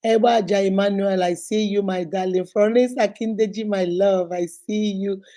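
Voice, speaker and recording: A woman's voice: medium pitch, fairly even intonation, normal speed, dark tone. A woman in her fifties hosting a casual live stream, chatting, laughing often and greeting viewers one by one. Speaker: host.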